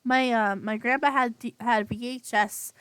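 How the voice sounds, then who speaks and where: A woman with a fairly high voice talks casually on a podcast, rambling through her stories with plenty of ums and laughs. Her voice sounds dry and close, with no room around it. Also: steady tone, measured pace, a bit bright, clean tone, no echo. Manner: rambling, laughs often, many fillers. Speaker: podcast co-host. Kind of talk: casual chat.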